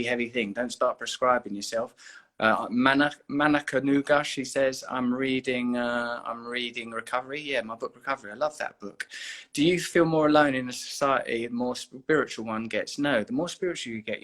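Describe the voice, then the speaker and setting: A man talks casually to his livestream viewers from home, holding the phone himself. His voice is bright and forward, and he rambles in a loose, playful way that turns earnest. The sound is close and direct from the handheld phone. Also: mid-range voice. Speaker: livestream host. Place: indoors at home. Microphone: phone held at arm's length.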